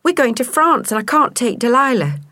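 A woman's voice: a little high, very animated, normal speed, sharp tone, no echo, studio quality, voice pushed up. Woman doing an eager, pleading young boy. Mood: earnest. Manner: earnest, pleading.

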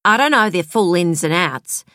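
A woman reading an audiobook, voicing a male crime scene technician who talks in a plain, measured, factual way. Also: high voice, expressive, bright, forceful tone, dry recording, clean studio sound. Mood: unsure. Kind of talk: audiobook character voice.

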